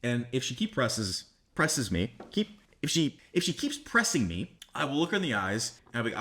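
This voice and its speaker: A man's voice: mid-range voice, sing-song, normal speed, hardly any pauses, a bit bright. A man giving blunt dating advice straight to camera as a coach, swearing casually and acting out both sides of conversations. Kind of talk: direct-to-camera advice monologue.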